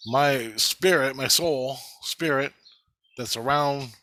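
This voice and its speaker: Bright-voiced man, profane rambling monologue. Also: medium pitch, slow pace, dry recording. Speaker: vlogger.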